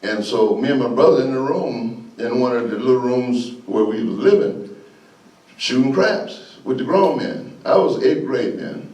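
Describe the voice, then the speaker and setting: An older man, a guest speaker telling folksy stories, animated and often laughing. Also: mid-range voice, moderate pace, far from the mic. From Florida, USA. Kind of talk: storytelling speech. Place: meeting hall. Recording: echoey room, voice from afar.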